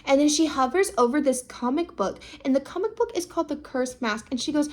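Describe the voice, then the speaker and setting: A young woman recapping a drama in a casual, chatty way, peppering her talk with "like" and "okay" and jumping into voices for the people she quotes. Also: moderate pace. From United States. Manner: animated, jumps into high-pitched voices for quoted people.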